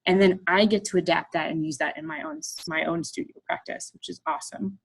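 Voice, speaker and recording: Lively, self-deprecating woman telling a story. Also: mid-range voice, fairly quick, vocal fry, slightly rough. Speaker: artist giving a talk. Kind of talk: humorous personal storytelling to an audience.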